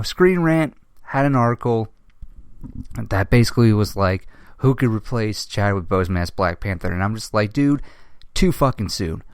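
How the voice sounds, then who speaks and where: A young man hosting a casual commentary, speaking with emotion, halting often with restarts and swearing. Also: medium pitch, clean tone, no echo, studio quality. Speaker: host.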